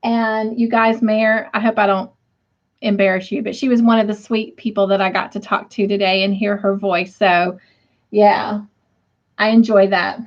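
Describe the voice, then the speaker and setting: A woman's voice: mid-range voice, level tone, moderate pace. A middle-aged woman, hosting a casual livestream from home, chatty and laughing often as she reads viewer comments aloud. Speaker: livestream host. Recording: dull lo-fi stream audio.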